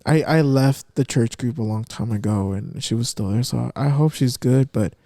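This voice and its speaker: A young man tells a story in a gravelly, mellow voice, with mixed in. He drops almost to a whisper at the serious parts. The sound is close and dry. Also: mid-range voice, moderate pace, no room sound. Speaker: podcast co-host. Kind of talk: casual storytelling chat.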